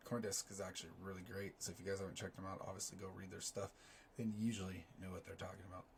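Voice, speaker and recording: A man with a hoarse, raspy voice from a sore throat, casually reading finance news articles aloud and breaking off into rambling, self-deprecating asides. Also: sits low, little pitch movement, rapid-fire, slight background noise. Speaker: finance YouTuber.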